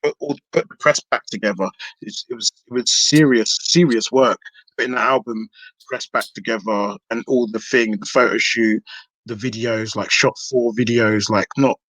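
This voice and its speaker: A man's voice: mid-range voice, moderate pace, fairly bright tone, no room sound. A man, a hip hop artist talking casually in a podcast interview, rambling with many restarts and fillers.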